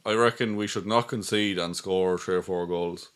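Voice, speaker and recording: A man's voice: deep voice, steady tone, normal speed, a bit bright. A man co-hosting a live football stream, laid-back with dry humor. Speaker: co-host.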